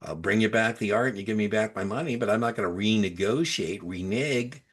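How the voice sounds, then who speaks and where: A man's voice: fairly low pitch, fairly quick, breathy edge. A man tutoring students for a securities exam, mixing explanations with casual anecdotes and dropping his voice for asides. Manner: storytelling, conversational, drops to quiet asides.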